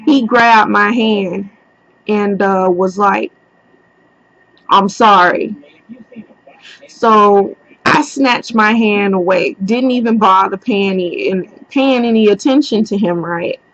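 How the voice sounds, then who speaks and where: A young woman tells a personal story at an unhurried, drawn-out pace. She is blunt and swears freely. The recording is dull and lo-fi, with a dry sound and no room echo. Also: medium pitch. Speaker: vlogger.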